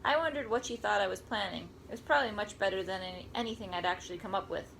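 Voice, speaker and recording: A woman's voice: medium pitch, fast talker, creaky, a bit bright, a little hiss or hum, low-quality recording. A woman reading a first-person story aloud in a wry, conversational way. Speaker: audiobook narrator.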